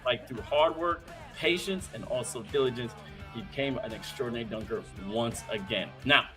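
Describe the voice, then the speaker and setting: A man hosting a live-streamed talk show, hyped and slangy, full of shout-outs, with faint music behind him. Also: medium pitch. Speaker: host.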